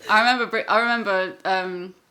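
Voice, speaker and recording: A woman's voice: medium pitch, pushed and bright. Black Country woman, laughing and chatty. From England, Black Country. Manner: chatty, laughs often, swears casually. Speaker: podcast co-host. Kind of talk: casual chat.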